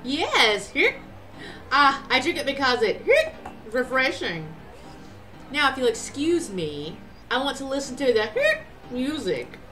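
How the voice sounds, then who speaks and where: A woman's voice: high-pitched, huge pitch swings, unhurried, pushed and bright, faint music behind, exaggerated voice. A woman voicing a tipsy lady in a video game who hiccups through her sentences. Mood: tipsy, polite.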